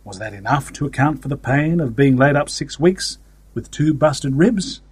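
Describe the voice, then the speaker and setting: A man's voice: medium pitch, animated, normal speed, darkish tone, breathy edge, dry recording. A man reading a story aloud in a wry, conversational first-person manner. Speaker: story narrator. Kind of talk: audiobook fiction reading.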